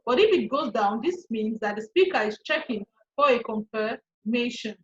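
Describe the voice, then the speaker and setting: A Nigerian woman teaching an online English lesson, repeating each point slowly with frequent restarts. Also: on the high side, expressive. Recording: echoey, muffled lo-fi room recording.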